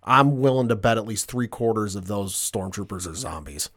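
A man's voice: lowish voice, animated, moderate pace, a bit bright. A man co-hosting a podcast in casual chat, animatedly retelling a show plot. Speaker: podcast co-host.

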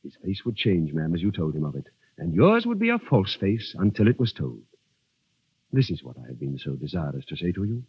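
An earnest, courtly army captain lectures in formal phrases, his voice swooping dramatically up and down. His tone is husky, and the old radio recording muffles it. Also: low-pitched, wildly swooping pitch, brisk, dull audio, exaggerated voice. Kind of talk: 1930s radio drama acting.

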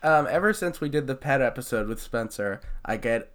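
Excitable, profane podcast man. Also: mid-range voice, a little fast. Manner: reads comments aloud, profane, excitable. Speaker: podcast co-host. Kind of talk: comedic podcast banter.

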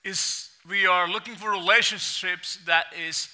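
Pastor, male, Indian accent, high and very bright tone, earnest sermon delivery. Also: steady tone, unhurried. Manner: earnest, repeats phrases, reads scripture aloud. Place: church.

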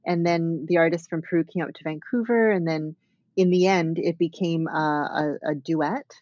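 A woman's voice: low-pitched, normal speed, a little mellow, dry recording, highs cut off. A woman dance artist talking thoughtfully as an interview guest, with many fillers and restarts. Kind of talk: reflective conversational interview.

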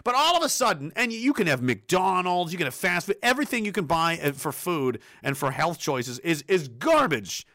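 A man rants in a monologue, his voice high and swinging widely in pitch. The tone is bright and forceful, and the sound is dry and close. He swears often and slips into mocking put-on voices. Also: moderate pace, few pauses, no room sound. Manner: animated, mocking impressions, swears a lot. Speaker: commentator. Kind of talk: profane ranting monologue.

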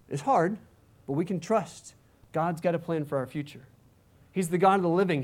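A man with a fairly high voice delivers a sermon to his congregation. He preaches in a conversational way, often stopping to ask rhetorical questions. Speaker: pastor.

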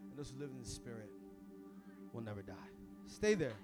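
A young man preaching an energetic sermon as pastor, casual and full of slang, swinging from hushed asides to shouting. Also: medium pitch, fast talker, music in the background.

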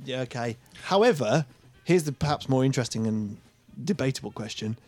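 A man's voice: medium pitch, animated, a little fast, darkish tone, dry recording, soft background music. A man in casual comedic chat, musing and hedging with a wry tone.

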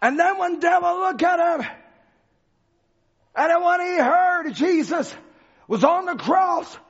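High-pitched dramatic male preacher. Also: slow pace, muffled recording. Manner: dramatic, swings from shouting to hushed. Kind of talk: sermon.

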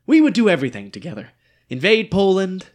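A man's voice: high-pitched, huge pitch swings, fairly quick. A man reading the part of a ghostly dictator with a bullet wound, needy and melodramatic, in a stage play reading. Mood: brooding. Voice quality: theatrical, swinging between whimpers and outbursts.

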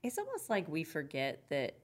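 Low-voiced, lively woman co-host. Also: normal speed. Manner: affirming, chatty listener. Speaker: podcast co-host. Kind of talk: casual faith chat.

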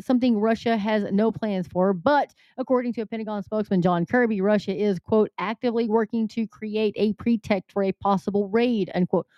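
A woman's voice: medium pitch, dry recording. Woman host, middle-aged, earnest and urgent, reading news and warning her listeners, dry close mic. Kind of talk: news commentary monologue. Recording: slightly dull lo-fi sound.

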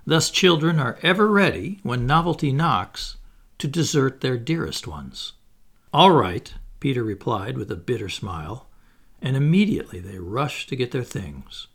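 A man narrating a classic storybook in a measured, expressive reading. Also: mid-range voice, husky. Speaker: audiobook narrator.

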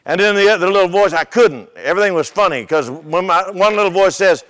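High-voiced older man preaching a sermon. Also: brisk, a bit bright, in a large hall. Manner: conversational, repeats words, tells humorous stories. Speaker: pastor.

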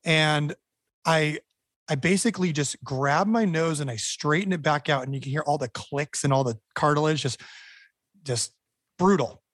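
A man's voice: on the high side, moderate pace, no room sound. Male guest, blunt storyteller, dry close sound. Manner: animated, blunt, swears freely. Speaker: band member guest. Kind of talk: storytelling interview.

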